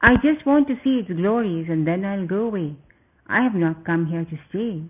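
A man's voice: high voice, lively intonation, moderate pace, husky. A man voicing a humble, polite male monkey god in a storybook reading, over a tinny phone-like recording.

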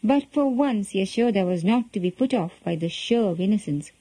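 A woman reading a children's story aloud in a gentle, expressive storytelling manner. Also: mid-range voice, normal speed, breathy edge, no room sound, poor audio.

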